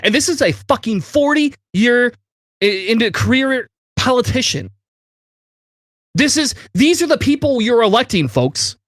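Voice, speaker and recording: Angry high-voiced man ranting. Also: big pitch swings, a little slow, fairly bright tone, no room sound, clean studio sound. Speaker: podcast co-host. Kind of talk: heated political discussion.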